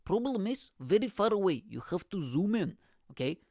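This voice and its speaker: A man putting on his jolly dad, high and bouncy. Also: sing-song, moderate pace, darkish tone, no room sound, studio quality. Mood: cheerful. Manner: broken English, cheerful and matter-of-fact. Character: jolly older Bulgarian dad with broken English.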